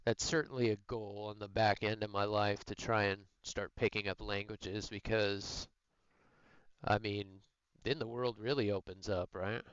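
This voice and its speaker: A man's voice: fairly low pitch, fairly even intonation, measured pace, fairly bright tone, smooth, no echo, highs cut off. A man streaming a game, chatting loosely with his viewers, teasing and joking. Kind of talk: casual chat while gaming.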